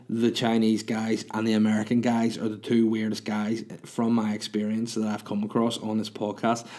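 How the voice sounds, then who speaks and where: A man's voice: on the low side, darkish tone. A man in his thirties, a podcast host, telling a rambling, crude, self-mocking story in casual monologue.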